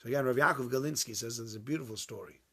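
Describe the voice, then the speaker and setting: A man giving an informal Torah class to a small group, acting out the dialogue and swinging from loud bursts to hushed asides. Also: mid-range voice, very fast, vocal fry, breathy edge. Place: small warm room with a few listeners.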